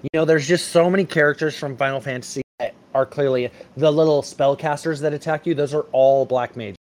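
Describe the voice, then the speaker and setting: A man guesting on a casual gaming podcast, speaking in an animated, opinionated way. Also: fairly high pitch, a little fast. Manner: animated, opinionated fan talk. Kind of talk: casual chat.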